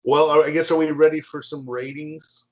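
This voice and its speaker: A man co-hosting a podcast, chatting casually with lots of fillers and halting starts. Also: a little high, little pitch movement, lo-fi sound. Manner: filler-heavy, hesitant. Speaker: podcast co-host. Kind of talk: casual chat.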